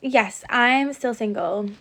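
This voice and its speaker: Young woman; giggly, chatty livestream host on a phone mic, slightly high voice. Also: takes it slowly, vocal fry, a bit bright. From England. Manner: giggly, chatty, answers viewer comments. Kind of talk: casual live-stream chat reading comments.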